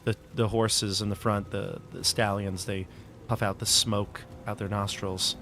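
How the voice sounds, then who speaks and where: A man's voice: fairly low pitch, flat delivery, unhurried, a bit bright, a little hiss or hum. A man narrating as game master of a tabletop game, chatty and loose, with fillers and restarts.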